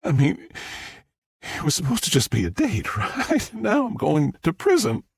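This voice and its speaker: A woman's voice: low voice, huge pitch swings, a little slow, gravelly, slightly rough, no room sound, pitched above the performer's own voice, full character voice. A man voicing a frightened, overwhelmed young woman who speaks in a pleading, shaky way. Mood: distraught.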